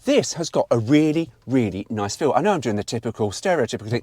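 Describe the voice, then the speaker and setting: A man's voice: mid-range voice, very animated, quick pace, a little mellow. A middle-aged man, giving a chatty, blunt and opinionated car review walkaround with some mild swearing.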